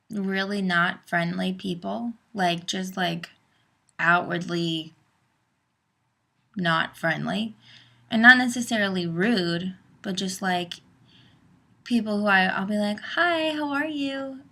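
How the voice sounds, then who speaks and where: A woman's voice: medium pitch, vocal fry, pushed and bright. A young woman vlogger ranting casually to camera, chatty and exasperated, full of fillers.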